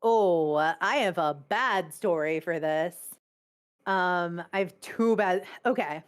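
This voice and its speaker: A young adult woman, a guest on a video call interview, telling stories in a blunt, animated way and swearing freely. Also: fairly low pitch, slow, clear, resonant tone. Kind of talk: casual storytelling.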